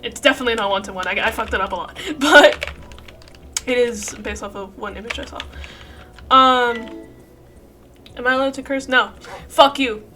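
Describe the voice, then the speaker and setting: A woman's voice: fairly high pitch, normal speed, long pauses, sharp tone, soft background music. A woman streamer rambling in casual chat while playing a game, swearing freely and laughing often.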